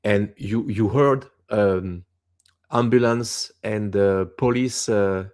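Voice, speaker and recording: A man in his fifties from France, a native French speaker with a Quebec French accent, talking as an interview guest in halting English and searching for words. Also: fairly low pitch, a little mellow. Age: 50s. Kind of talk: casual interview talk.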